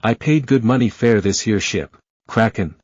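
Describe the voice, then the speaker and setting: Man doing a burly ship captain, coarse accent, booming bellow, husky voice, dull lo-fi sound. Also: normal speed, darkish tone, dry recording, natural voice. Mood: angry.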